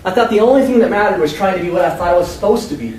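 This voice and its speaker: A young American man reading his own first-person story aloud to a live audience, with expressive, emphatic delivery. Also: sits high, very fast. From United States. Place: convention room with an audience. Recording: echoey room, far from the mic, faint hum.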